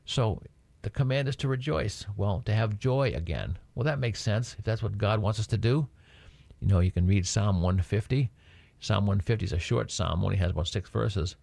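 A man's voice: lowish voice, moderate pace, vocal fry, darkish tone, no echo. Man teaching the Bible with "right?" checks. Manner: frequent "right?" checks with listeners.

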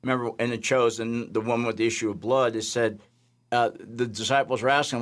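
Male chaplain guest, mid-range voice, animated storyteller who voices the people in his stories. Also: mid-range voice, fairly quick. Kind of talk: storytelling testimony.

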